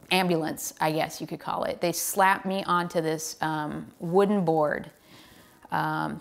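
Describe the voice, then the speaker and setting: An American woman, a professional cyclist, telling a story in a casual, animated way and acting out the lines people said to her. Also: lowish voice. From United States. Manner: animated, relives the scene with quoted lines.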